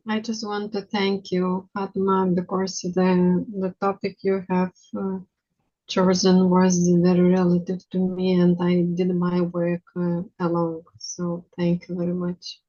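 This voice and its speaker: A woman with a very flat, mellow, low voice addresses her training group slowly and haltingly. She comes through a dull, lo-fi call connection. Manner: halting, slow and sincere. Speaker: course participant. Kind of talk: thanking peers in a group session.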